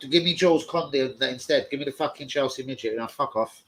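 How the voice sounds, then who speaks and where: A man hosts a football fan live stream, reading and answering viewer comments as he goes. He talks in loose, rambling bursts, swearing constantly and getting worked up. His voice sits in an ordinary middle pitch. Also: quick pace, hardly any pauses, poor audio. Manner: foul-mouthed, rambling, excitable rants. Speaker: football fan channel host.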